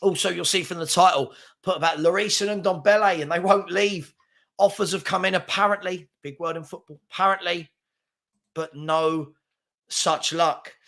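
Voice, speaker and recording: A man's voice: high-pitched, fairly even intonation, moderate pace, fairly bright tone. A man, hosting a casual live football chat stream, reading out viewer comments in a chatty, rambling and self-deprecating way, tired from an early start. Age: 40s. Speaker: football channel host.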